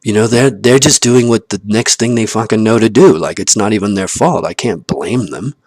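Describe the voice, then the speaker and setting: A man with a low, husky voice rants to the camera in a loose personal monologue, cursing freely and laughing at himself. He swings from loud outbursts to near-muttered asides. The sound is dry and close, with no room echo. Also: normal speed. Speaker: vlogger.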